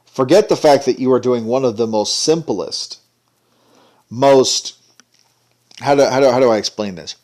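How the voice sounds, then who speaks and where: A man's voice: medium pitch, moderate pace, pauses often, a little mellow. A man giving an indignant, sarcastic ranting commentary. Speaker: commentary vlogger.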